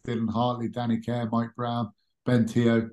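A man's voice: mid-range voice, moderate pace. Man in his thirties, easygoing podcast guest, mid-range voice, some room echo. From England. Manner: relaxed storytelling with frequent restarts and fillers. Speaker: podcast guest, former rugby captain. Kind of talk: casual interview chat. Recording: roomy echo.

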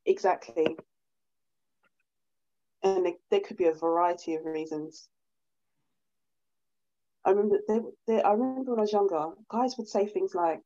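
A woman's voice: medium pitch, normal speed, pauses often. A woman chats in a casual podcast. She tells stories with animation and swears freely. The audio is a little dull and lo-fi. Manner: animated storyteller, swears, acts out quoted men.

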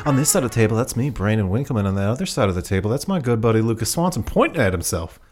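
A young man co-hosting a casual comedy podcast, bantering in a jokey, animated way. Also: fairly low pitch, rapid-fire, over loud music. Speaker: podcast co-host.

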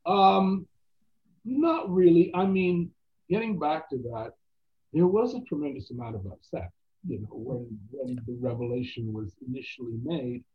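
A man telling stories as an actor guest in a casual interview, animated and quoting other people's voices. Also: fairly high pitch, measured pace, slightly rough. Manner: animated anecdotes with quoted voices. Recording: tinny phone-like line.

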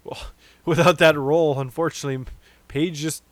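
A man's voice: a little high, steady tone, moderate pace, no echo. A man co-hosting a casual chat show, reading news items and laughing along with the others. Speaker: podcast co-host reading news.

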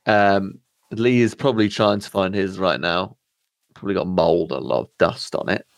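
A low-voiced man co-hosting a casual podcast. He chips in with dry, teasing asides. The sound is close and dead, with no room echo. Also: normal speed, gravelly. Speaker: podcast co-host.

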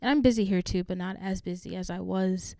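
A woman's voice: mid-range voice, mellow, dry recording, clean studio sound. A young woman, a college student, talking candidly and frankly about hard personal experiences, swearing freely. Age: young adult. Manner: open and frank, swears freely, fast asides.

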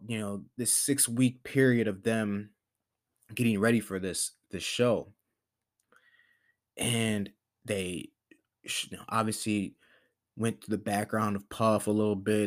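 A man hosting a podcast, talking in a casual motivational monologue, rambling with lots of fillers and restarts. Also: fairly low pitch. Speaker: podcast host.

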